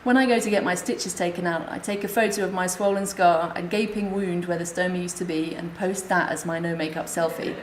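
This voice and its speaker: Woman reading her memoir, wry deadpan delivery, echoey conference room, faint hiss. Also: fairly low pitch, a little fast, hardly any pauses. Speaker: conference speaker. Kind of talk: reading a comic illustrated memoir aloud.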